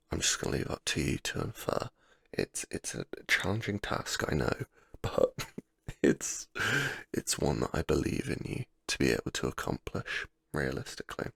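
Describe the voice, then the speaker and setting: A man rambling through a self-deprecating story in a soft, sleepy gameplay commentary, sometimes dropping to a near-whisper. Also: sits low, creaky, dry recording, clean studio sound. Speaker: gaming channel host.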